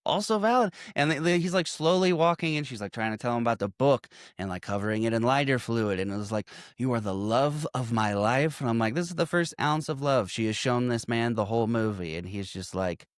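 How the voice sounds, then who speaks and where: Male podcast co-host, mid-pitch, dry close sound, swears a lot, laughs easily. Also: fast, few pauses, smooth, no echo. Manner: animated, profane, laughs often. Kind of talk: casual movie recap chat.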